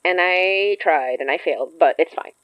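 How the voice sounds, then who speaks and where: A chatty woman co-host talks quickly about her audio drama, breaking into laughs often. Her voice sits in a middle range. The recording is dry and a little dull, with no room sound. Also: fairly low pitch, dry recording. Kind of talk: casual chat.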